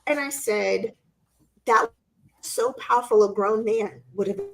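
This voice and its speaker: A middle-aged woman co-hosting a casual live-stream chat, telling an animated story and acting out quotes in squeaky voices. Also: a little slow, gravelly. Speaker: co-host.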